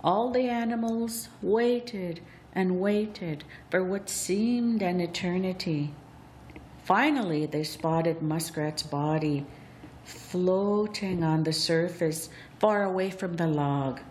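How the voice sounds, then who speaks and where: A woman narrates a traditional tale at an unhurried pace, drawing out each moment. Her delivery is deliberate and expressive. Faint noise hums in the background. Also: lowish voice. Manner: slow, deliberate, expressive storytelling. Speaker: storyteller. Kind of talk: storybook narration.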